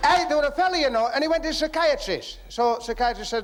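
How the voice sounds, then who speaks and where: A man's voice: very high voice, big pitch swings, fast. A man telling jokes on stage, chatty and acting out both sides of the dialogue. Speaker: stand-up comedian.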